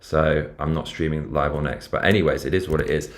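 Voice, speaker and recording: A man chatting casually on a live stream from his mother's house, rambling, animated and swearing now and then. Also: a bass voice, fairly quick, slight background noise.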